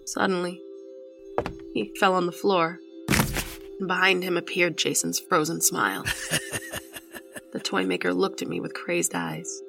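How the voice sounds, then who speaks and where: A woman's voice: fairly low pitch, moderate pace, creaky. A woman narrating a horror story in the first person, with a tense, dramatic reading. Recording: music behind the voice.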